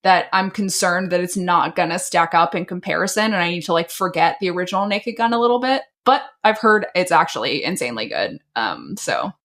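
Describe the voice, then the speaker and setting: A woman co-hosting a podcast in casual, unfiltered chat. Her voice sits slightly low for a woman, and she talks bluntly, gushing and swearing freely. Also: lively intonation, brisk, few pauses, fairly bright tone. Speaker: podcast co-host.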